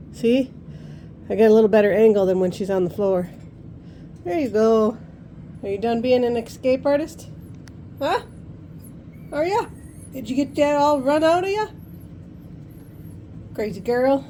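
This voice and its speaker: Filming her parrot at home on a handheld camera, a woman teases it in a playful, sing-song way, the casual chatter people use with pets. Her voice sits fairly high with a darkish tone, and she speaks unhurriedly with long pauses. There's slight background noise in the indoor recording.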